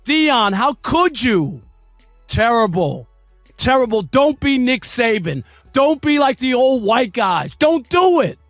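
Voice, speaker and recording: Male radio host, high voice, dry studio sound, indignant and shouting. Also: sing-song, takes it slowly, hardly any pauses, dry recording, soft background music. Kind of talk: opinionated sports radio rant.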